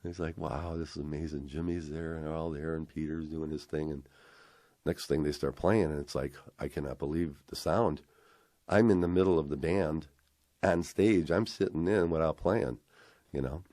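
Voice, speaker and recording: Very deep-voiced older man telling stories. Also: moderate pace, no echo, studio quality. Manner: acts out dialogue, rambling and excited. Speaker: interviewee storyteller. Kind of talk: animated anecdote retelling.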